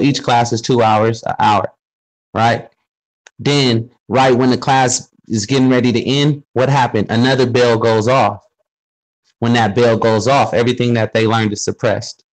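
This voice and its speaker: A man's voice: medium pitch, fairly even intonation, measured pace, rough recording. Man explaining in casual street talk. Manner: explains with questions and street slang. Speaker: speaker in a group discussion. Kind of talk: casual conversational monologue.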